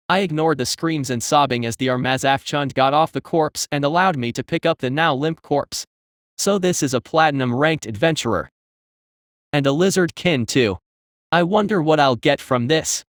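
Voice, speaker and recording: Male narrator, fantasy audiobook read, slightly high voice, dry close recording. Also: normal speed, dry recording.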